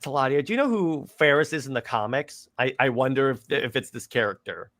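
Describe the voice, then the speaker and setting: A man's voice: medium pitch, lively intonation, a little fast, fairly bright tone. A man hosting a casual movie discussion, eagerly recapping scenes and often stumbling over his words as he restarts. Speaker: podcast host.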